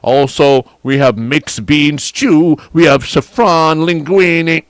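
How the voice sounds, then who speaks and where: A man's voice: on the high side, fairly even intonation, takes it slowly, clean tone, no room sound. A man with an Antiguan accent hosting a radio show, chatting casually and reading out lunch specials with relish. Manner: chatty, chuckling, savoring the food aloud. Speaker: radio host.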